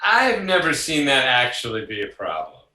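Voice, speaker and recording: Bright-toned older man in a roomy space. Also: mid-range voice, normal speed. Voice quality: animated, acts out voices in anecdotes. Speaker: psychologist guest. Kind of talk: conversational interview.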